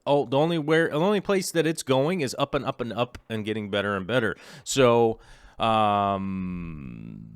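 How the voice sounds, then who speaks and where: A man's voice: medium pitch, no echo, clean studio sound. A middle-aged man hosting a livestream in casual chat. He rambles with many ums and restarts and reads viewer comments aloud. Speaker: livestream host.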